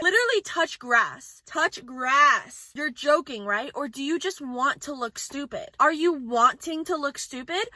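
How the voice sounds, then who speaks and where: A woman in her twenties ranting to camera from inside her car in a casual, animated vlog. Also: high-pitched, dry recording. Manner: fast, animated venting. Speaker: vlogger.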